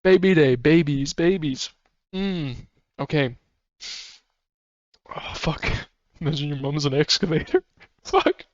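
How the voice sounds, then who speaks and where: A man's voice: fairly high pitch, very animated, slow pace, pauses often, dry recording. Rambling, profane male streamer. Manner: rambling and profane, laughs often. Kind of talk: casual stream chat. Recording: slightly muffled dry mic.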